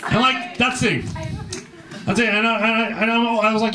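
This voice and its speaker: A man's voice: sits high, expressive, fast talker, a bit bright, slight background noise. A man doing a rambling, self-deprecating stand-up set full of swearing, acting out other people's voices. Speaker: stand-up comedian. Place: comedy club stage.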